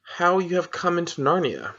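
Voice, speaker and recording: A man's voice: high voice, very animated, normal speed, fairly bright tone, pitched above the performer's own voice, heavily acted. A man voicing a courteous, flustered faun. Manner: courteous and formal, a little flustered. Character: courteous, fussy male faun, shy and melancholy. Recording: dull lo-fi recording.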